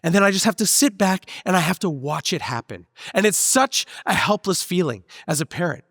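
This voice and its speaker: A man with a fairly high voice preaches a sermon in an easygoing, conversational way, mixing in stories from his own life. His voice sits close to the mic while a long church-hall reverb trails behind it. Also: expressive, fairly quick, a bit bright. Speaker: pastor. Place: church sanctuary.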